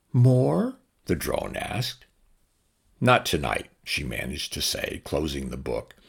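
A male audiobook narrator with a deep, gravelly voice and a husky grain. His reading is lively and expressive, and his pitch roams widely as he moves through the story. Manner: expressive, shifts pitch for each character.

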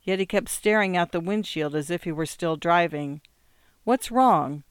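An audiobook narrator reading literary fiction in a steady, measured way. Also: mid-range voice, clear, resonant tone, no echo. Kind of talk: scripted narration.

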